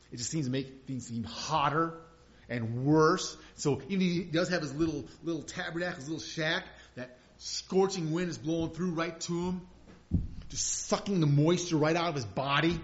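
Lo-fi preacher, conversational with emphatic bursts. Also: male voice, medium pitch. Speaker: pastor. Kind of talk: sermon. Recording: dull lo-fi sound.

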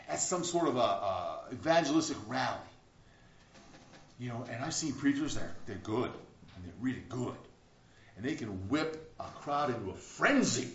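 A man preaching a sermon as a pastor, in an earnest manner that swings between loud, emphatic bursts and quiet, reflective stretches. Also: mid-range voice, slight background noise. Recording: roomy, dull lo-fi recording.

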